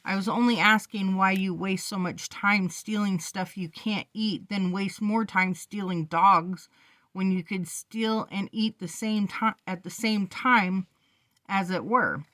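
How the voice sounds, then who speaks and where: A woman's voice: medium pitch, unhurried, a bit bright, no room sound, lightly acted. A woman reading a novel aloud and voicing a cautious teenage boy who speaks hesitantly and tries to placate. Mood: placating. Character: cautious teenage boy, trying to stay calm.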